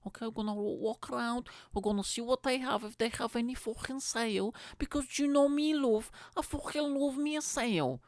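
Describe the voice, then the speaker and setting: A man's voice: very high voice, fairly quick, few pauses, no echo, clean studio sound, pitched above the performer's own voice. A man putting on a crude Scouse shopaholic girlfriend. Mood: gushing. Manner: coaxing, crude, swears constantly. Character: pushy sweet-talking young woman dragging her man shopping.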